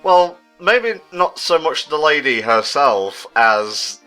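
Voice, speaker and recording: A man's voice: a little high, very animated, slow pace, bright, forceful tone, smooth, faint music behind. A man giving casual, jokey commentary on a puzzle game and reading the answer options aloud. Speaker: let's play commentator.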